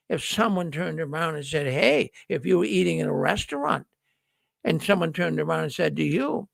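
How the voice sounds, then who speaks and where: A man's voice: high voice, expressive, normal speed, creaky, fairly bright tone, dry recording. A middle-aged man hosting a news livestream, talking casually to viewers in a folksy storytelling way and acting out the dialogue he quotes.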